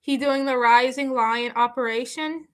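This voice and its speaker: A woman chatting casually on a live stream, answering viewer comments in a halting way full of restarts and fillers. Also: high-pitched, fairly even intonation, fairly bright tone.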